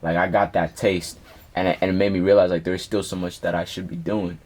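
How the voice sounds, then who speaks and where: Husky low-voiced young guy, rapper telling his story in a casual interview, slangy, swears a lot. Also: a little fast. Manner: slangy, profane, animated storytelling. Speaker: rapper guest.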